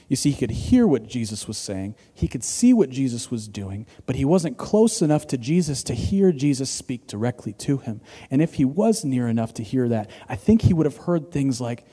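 A man in his thirties preaching a sermon as a pastor, moving between loud emphasis and hushed near-whispers. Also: mid-range voice, sing-song, moderate pace, few pauses, husky. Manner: dynamic, swings from loud to hushed. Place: church hall. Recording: church hall with long reverb.

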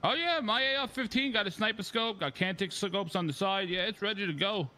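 A man's voice: high voice, a little fast, pushed and bright. A young man in casual voice chat, laid-back and boastful, swearing freely. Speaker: game player chatting out of character.

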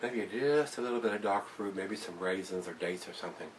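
Laid-back man reviewing beer, lowish voice. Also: fairly quick, far from the mic, slight background noise. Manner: folksy, laid-back, keeps calling viewers "guys". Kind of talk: casual review to camera.

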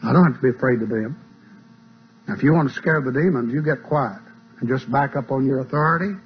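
Folksy preacher on an old tape. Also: male voice, medium pitch, fairly quick, slightly rough. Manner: folksy, plain-spoken teaching. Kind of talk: sermon. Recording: dull lo-fi tape with mains hum.

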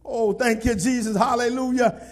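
A man preaching a sermon as pastor, scolding and repeating himself to the congregation, sometimes shouting. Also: very high-pitched, fairly even intonation, moderate pace.

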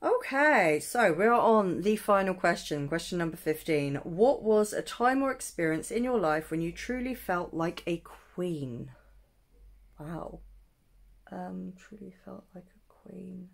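A young woman chatting through a makeup tutorial, answering questions aloud with many pauses and ums. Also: fairly low pitch, big pitch swings. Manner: thinking aloud with many ums, self-teasing. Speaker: beauty vlogger.

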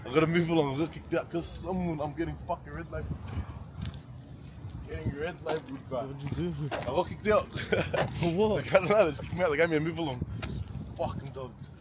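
A man's voice: on the high side, brisk, pauses often. A young man in casual chat, swearing and laughing as he tells a story, recorded on a phone outdoors. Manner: profane, laughing, animated storytelling. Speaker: vlogger. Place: outdoors near traffic. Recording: street and traffic noise.

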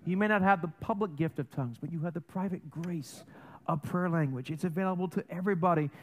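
A man pastor preaching a sermon, joking and animated, swinging between loud passages and soft ones, in a church. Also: a little high, fast. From German and Italian heritage. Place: church sanctuary.

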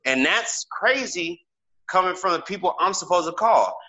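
Bright-voiced man on dull lo-fi audio. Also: high-pitched, animated, normal speed. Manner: emphatic, loaded with "like" fillers. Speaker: podcast co-host. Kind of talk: casual podcast talk.

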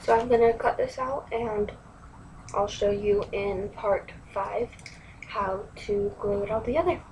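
Slow-talking woman teaching a craft. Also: medium pitch, a little mellow. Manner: slow, instructive, drops to near-whisper at times. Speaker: crafting tutorial host. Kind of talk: step-by-step craft tutorial. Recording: distant mic, faint room noise.

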